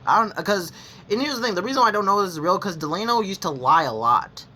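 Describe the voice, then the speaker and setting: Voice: medium pitch, expressive, fast, sharp tone, slight background noise. A young adult gaming vlogger telling personal stories to the camera, rambling and blunt, with frequent restarts and self-corrections and casual swearing. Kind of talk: candid personal storytelling to camera.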